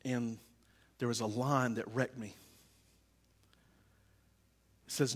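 A middle-aged man preaching a sermon as pastor, swinging from quiet confiding to loud impassioned preaching. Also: medium pitch, steady tone, moderate pace, slightly rough. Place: church sanctuary. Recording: long reverb of a church hall.

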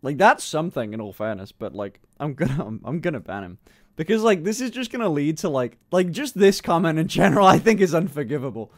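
A man streaming casually to his chat, swearing freely, laughing often and breaking into loud excited outbursts. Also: fairly high pitch, brisk. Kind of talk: casual live-stream reaction.

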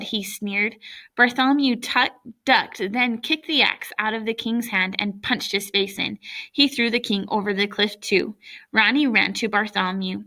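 A woman's voice: medium pitch, fairly even intonation, moderate pace, pushed and bright. A woman teacher reading a novel aloud to her class, with casual asides to students. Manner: clear storybook narration, casual asides.

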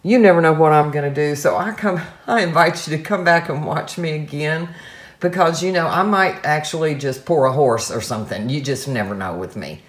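A woman's voice: deep voice, fairly quick. A woman craft artist talking casually to her camera while she works, gushing and exclaiming with delight. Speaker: craft artist showing her paint pour. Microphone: camera mic, camera moved by hand at times.

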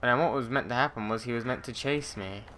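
Young male gamer, frustrated let's-play muttering, bright tone, light noise. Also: mid-range voice, fast. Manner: swearing, frustrated muttering at the game. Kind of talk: casual gameplay commentary.

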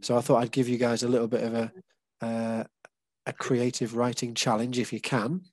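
A man's voice: medium pitch, flat delivery, moderate pace, dry recording. An English man leading a casual group session, explaining patiently with many fillers and restarts. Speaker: workshop leader.

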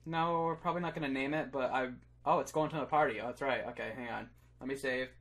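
A man's voice: medium pitch, fast, a bit bright. A young man casually commentating a game on a livestream, swearing freely and calling his viewers dude and guys. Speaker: streamer. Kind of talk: excited gaming livestream commentary.

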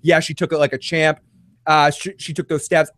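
Man, podcast host, high voice, dry close sound, excitable, rambling, swears a lot. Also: moderate pace, no echo. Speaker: podcast host taking calls. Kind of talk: casual recap chat.

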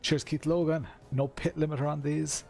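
A man's voice: a little high, level tone, moderate pace, gravelly, a little mellow, faint music behind. Chatty Irish man streaming sim racing. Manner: chatty, greets viewers by name, many fillers. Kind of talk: casual live-stream commentary while racing. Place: room at home.

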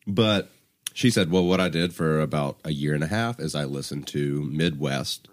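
A man with a softened Southern US accent from Alabama, telling stories in a relaxed, self-deprecating way on a casual podcast. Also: rumbling low, unhurried. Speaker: podcast co-host.

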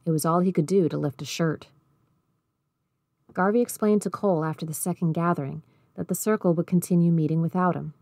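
A woman reads a novel aloud in an even, measured way. Her voice is low and mellow. The recording is close and dry. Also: no echo. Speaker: audiobook reader.

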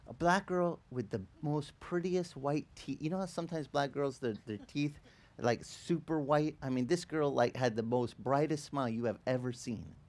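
A male pastor telling a lively story in a sermon, acting out the people in it and laughing as he goes. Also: mid-range voice, normal speed. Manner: animated, acts out quoted voices, laughs while telling. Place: church in Hawaii.

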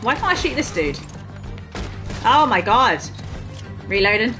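A woman chatting her way through a video game, swearing often and laughing at her own blunders. Her voice sits high and swoops up and down a lot, with a bright, forward tone. Game music plays faintly behind her. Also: very animated, unhurried. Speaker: gaming streamer. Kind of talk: casual let's-play commentary.

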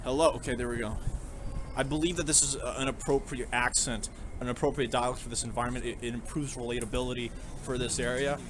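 A man giving a rambling, deadpan mock game-demo presentation, full of fillers, recorded on a phone on a city street. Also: mid-range voice, quick pace. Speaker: streamer. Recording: loud street noise outdoors.

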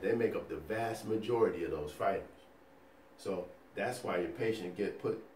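A male nursing educator teaching a recorded lecture over slides, energetic and folksy, firing rhetorical questions at the listener. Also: deep voice, roomy sound, distant mic, slight background noise. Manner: folksy and playful.

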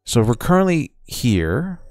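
Excitable young man streaming a game. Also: mid-range voice, unhurried, a little hiss or hum. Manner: chatty, excitable, slangy, reads game text aloud. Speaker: gaming streamer. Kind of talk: casual gameplay commentary.

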